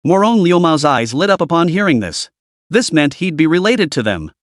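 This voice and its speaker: A man narrating a comic recap in a brisk, scripted storytelling manner. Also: on the high side, very animated, dry recording, clean studio sound.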